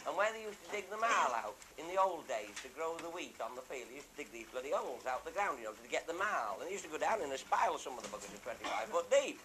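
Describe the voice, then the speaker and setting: Older raconteur, earthy and profane, high voice, heavy hiss on the tape. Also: male voice, sing-song, quick pace, hardly any pauses. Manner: earthy, swears freely, acts out dialect voices. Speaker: storyteller. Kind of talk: rambling comic anecdote. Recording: loud background hiss.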